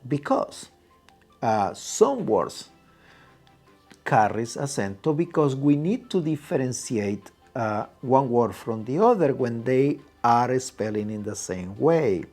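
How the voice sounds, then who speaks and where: Man with a lively teaching voice. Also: mid-range voice, slow pace, soft background music. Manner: patient, repeats key points with "right?". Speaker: Spanish teacher. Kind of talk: explanatory lesson.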